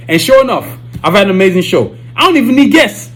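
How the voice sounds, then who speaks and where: Fast, lively-voiced man hosting a podcast. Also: high voice. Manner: animated, boastful slang-heavy talk. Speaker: podcast host. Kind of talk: solo podcast monologue.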